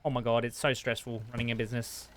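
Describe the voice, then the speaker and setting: A young man streaming a shop game, talking fast and frazzled to his customers and himself. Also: mid-range voice, little pitch movement. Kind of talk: live-streamed gameplay commentary.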